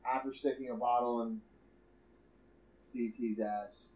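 A man's voice: medium pitch, fairly even intonation, a little slow, darkish tone, echoey room, rough recording. Casual man running a tabletop game. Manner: casual, loose narration with restarts. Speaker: game master.

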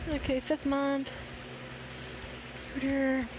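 A woman's voice: high voice, completely flat delivery, takes it slowly, background noise. A young woman reading fan fiction aloud, stumbling and correcting herself, breaking off for sarcastic asides.

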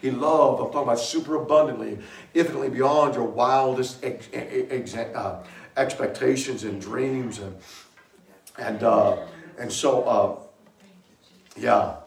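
A man preaching a sermon to a congregation, telling a story with laughter and sudden shouted bursts. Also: mid-range voice, steady tone, unhurried, vocal fry. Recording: echoey room, mic far from speaker.

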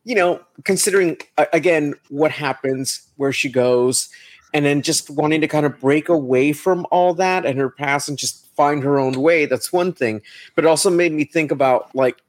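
A man speaking as a guest in a casual podcast discussion, relaxed and chatty. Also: fairly high pitch, moderate pace.

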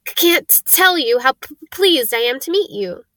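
Jittery young man with a stammer, a woman reading him, pitched well up, dry. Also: animated, moderate pace, a bit bright, dry recording. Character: pale nervous stammering young male professor.

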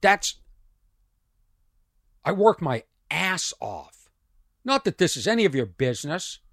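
A middle-aged man with a strained voice, a comedian telling a rambling story on his podcast, dropping to mutters and rising loud again. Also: on the high side, slow, no room sound, clean studio sound. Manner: animated, swings from muttering to loud. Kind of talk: casual storytelling monologue.

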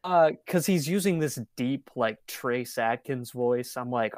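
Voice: mid-range voice, a little slow, hardly any pauses, darkish tone, dry recording, clean studio sound. A podcast co-host in casual chat, hesitant with many fillers and often breaking into laughter. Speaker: podcast co-host reviewing an album.

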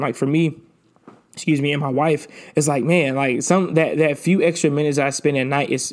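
A man's voice: on the high side, darkish tone. Earnest man giving casual faith talk. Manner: casual, earnest, repeats words. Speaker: podcast host.

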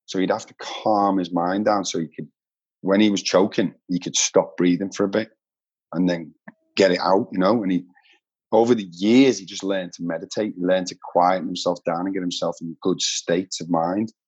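A man's voice: deep voice, steady tone, normal speed, darkish tone, husky. A man telling heartfelt personal stories in an earnest, emotional way. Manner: earnest, heartfelt, says "mate" often. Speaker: podcast guest. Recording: dull lo-fi sound.

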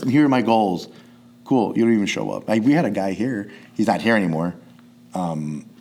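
A man who coaches jiu-jitsu, chatting casually on a podcast, rambling and swearing, restarting his sentences often. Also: fairly low pitch.

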